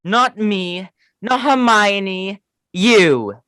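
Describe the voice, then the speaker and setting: A man plays a loyal teenage boy sidekick pressing his friend to go on, pitched clearly higher than his normal voice. Dry, close recording. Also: lively intonation, drawn-out words, sharp tone, no echo, exaggerated voice. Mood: insistent.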